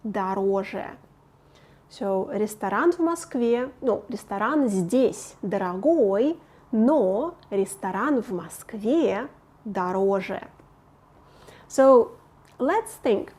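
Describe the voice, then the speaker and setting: Slow, patient woman teacher. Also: medium pitch, expressive, darkish tone. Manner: patient, explains slowly, repeats words for practice. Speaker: Russian language teacher. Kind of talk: online language lesson.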